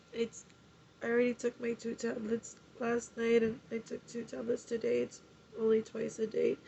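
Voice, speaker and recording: Woman vlogger, tearful and halting, with a slightly high, mellow voice, swears freely. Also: gravelly, dull audio, a little hiss or hum. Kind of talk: emotional personal vlog.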